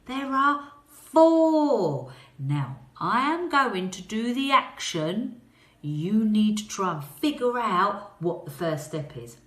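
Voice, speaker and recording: Her voice sits at a medium pitch with a slightly bright quality, and the space around her reverberates. She's giving young kids a phonics lesson, speaking slowly, offering encouragement, and coaxing answers out of them.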